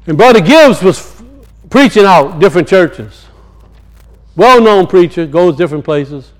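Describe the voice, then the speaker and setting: A man preaching a sermon and telling stories, swinging from loud high peaks to low muttered asides. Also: lively intonation, measured pace, poor audio. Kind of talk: sermon with storytelling.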